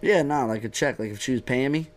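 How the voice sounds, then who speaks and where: A man's voice: medium pitch, fast, a little hiss or hum. A young man co-hosting a casual bar-talk podcast, joking and cursing freely. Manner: profane, joking, laid-back. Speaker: podcast co-host.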